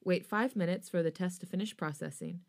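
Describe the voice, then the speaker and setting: A woman host reading a first-person fan fiction story aloud for a podcast. Her reading is expressive, and her voice sits slightly low. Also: a little fast.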